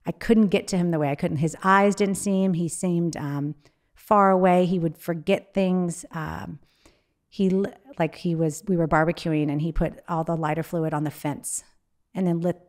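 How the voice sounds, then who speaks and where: A woman's voice: fairly low pitch, fairly even intonation, a little mellow. A woman being interviewed as an author, talking candidly and emotionally, often restarting her sentences. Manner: emotional, halting, with frequent restarts. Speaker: guest, author.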